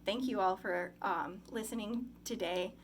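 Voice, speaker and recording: A woman's voice: mid-range voice, a little slow, slight background noise. A young woman giving a class oral presentation, talking casually with many ums and likes. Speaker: student presenter.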